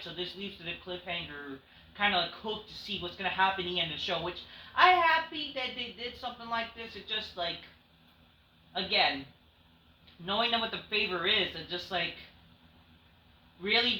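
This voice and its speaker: A man's voice: high-pitched, normal speed, pushed and bright. A man reviewing a wrestling show in a rambling, sarcastic, profane casual recap. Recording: echoey room, faint noise.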